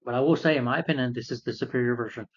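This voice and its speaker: A man's voice: medium pitch, steady tone, racing. A man giving a casual spoken film review, retelling the plot in a rambling, repetitive way. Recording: dull, muffled lo-fi sound.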